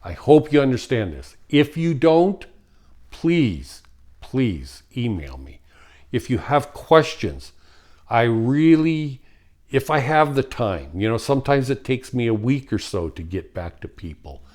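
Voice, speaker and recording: A man giving an earnest spiritual talk, slow and heartfelt, acting out quoted voices along the way. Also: medium pitch, sing-song, a little mellow. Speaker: spiritual teacher.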